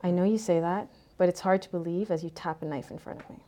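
A frightened mother begs for her children's safety, her voice shaking as she pleads, voiced by a woman reading the story. The tone is mellow and fairly low. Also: fairly even intonation, fast talker, lightly acted. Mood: shaky. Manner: shaky, pleading.

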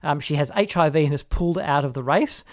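A man with an Australian accent, co-hosting a casual political chat in a sardonic, animated way. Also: on the high side, quick pace. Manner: sardonic, animated, mocking voices of opponents. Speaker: podcast co-host.

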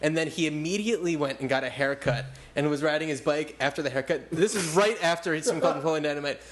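Cohost guy, a bit high voice, dry teasing jokes. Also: quick pace. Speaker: podcast co-host. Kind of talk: casual comedic chat.

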